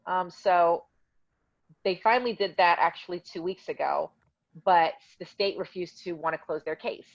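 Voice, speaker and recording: A woman's voice: lowish voice, normal speed, vocal fry, dry recording, highs cut off. A woman telling her own story in a casual interview, heated and indignant as she recounts dialogue.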